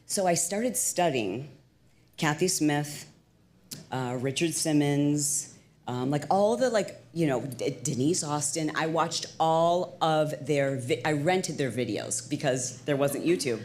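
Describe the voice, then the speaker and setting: A middle-aged woman entrepreneur telling stories as an interview guest, lively and chatty with lots of "like" and restarts. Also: sits low, slow. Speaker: guest, entrepreneur and fitness instructor. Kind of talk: casual storytelling interview.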